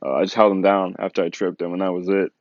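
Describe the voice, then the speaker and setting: Young man, low voice, casual storytelling vlogger, chatty filler-heavy delivery, dry lo-fi sound. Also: fast, no room sound. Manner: animated, filler-heavy, lots of "like". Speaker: vlogger telling a personal story. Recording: dull lo-fi dry recording.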